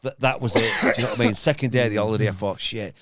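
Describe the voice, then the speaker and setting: A man's voice: lowish voice, fairly even intonation, rapid-fire, over a noisy crowd. A man in his fifties telling a rambling story on a podcast, full of restarts and repeated phrases. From England. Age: 50s. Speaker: podcast host. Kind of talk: casual storytelling chat.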